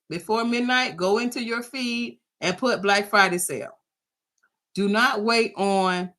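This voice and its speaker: A woman with a bright, forceful, medium-pitched voice coaches small business sellers in a motivational talk. She hammers her points home emphatically and repetitively, checking in with "okay?", and tells stories where she acts out the voices of the people involved.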